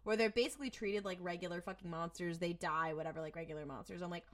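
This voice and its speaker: A woman co-hosting a podcast, recapping an episode in casual chat, animated and sweary. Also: on the low side, quick pace. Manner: animated retelling, swearing, many fillers. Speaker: podcast co-host.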